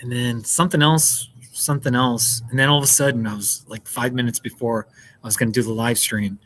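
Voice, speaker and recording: Seated at a table indoors, this American livestream host talks a little fast in a fairly bright, mid-range voice with fairly even intonation. He chats casually and laughs a lot while responding to viewers' comments, and the rough recording carries slight background noise.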